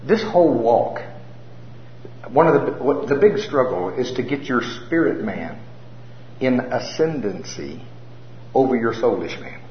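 A middle-aged man preaching a sermon with folksy humor and animated storytelling. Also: medium pitch, unhurried, pauses often, a little hiss or hum. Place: church hall with a live audience. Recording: roomy, slightly dull sound.

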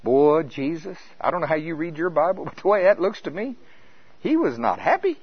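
A man's voice: fairly high pitch, very animated, brisk, breathy edge, no echo, dull audio. An older man preaching a sermon in a folksy, impassioned way that rises and falls.

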